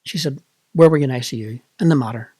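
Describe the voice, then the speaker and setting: Talking fast, a middle-aged vlogger with a Northern Irish accent gives a candid, reflective account of a personal experience. He comes from Northern Ireland, his mid-range voice is mellow with a breathy edge, and the recording is dry.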